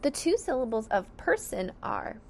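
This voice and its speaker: A woman's voice: fairly high pitch, sing-song, normal speed, creaky, a little mellow, slight background noise. A woman teaching a phonics lesson to young children, sounding out each word syllable by syllable with careful enunciation.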